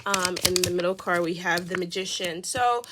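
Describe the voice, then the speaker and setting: A woman's voice: lowish voice, moderate pace, background noise. A woman doing a casual tarot reading, talking in a chatty, rambling way with many fillers. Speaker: tarot reader.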